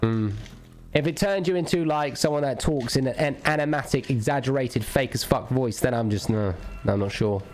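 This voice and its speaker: A man's voice: medium pitch, normal speed, a little mellow, soft background music. A man streaming a game, ranting crudely and jokingly in a rambling, casual chat. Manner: rambling, crude, jokey rants.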